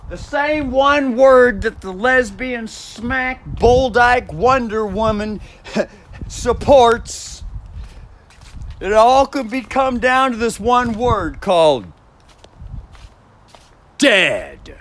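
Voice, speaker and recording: A man's voice: extremely high pitch, slow pace. A man in a rambling solo monologue, profane and emphatic, repeating phrases and stressing single words.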